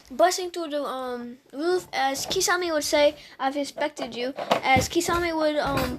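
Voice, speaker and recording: Background noise sits behind a woman's high voice. She's telling her viewers a fan story in a casual, hesitant way, addressing them directly and filling the telling with "um"s and false starts.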